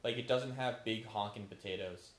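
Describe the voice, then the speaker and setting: A man's voice: fairly low pitch, normal speed. Rambling opinionated man in an echoey room. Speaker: podcast co-host. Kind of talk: casual chat.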